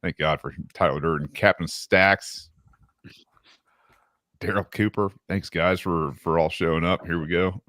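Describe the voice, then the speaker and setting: A man's voice: deep voice, fairly even intonation, measured pace, fairly bright tone, dry recording, clean studio sound. A man hosting a live podcast, chatting casually and rambling with many fillers and restarts. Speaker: podcast host. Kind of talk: casual live-stream chat.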